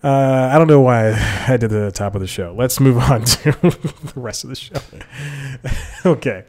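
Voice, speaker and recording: A man's voice: medium pitch, animated, moderate pace, a little mellow. A man hosting his own podcast alone, rambling casually with chuckling asides and frequent self-corrections, talking into a desk mic with headphones on. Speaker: podcast host. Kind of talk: solo podcast chat.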